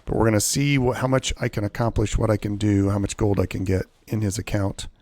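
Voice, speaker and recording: Talking a little fast in a lowish, slightly mellow voice, this man streams a pirate game live. His casual commentary wanders through the rules with restarts and self-corrections, broken up by muttered asides while he plays.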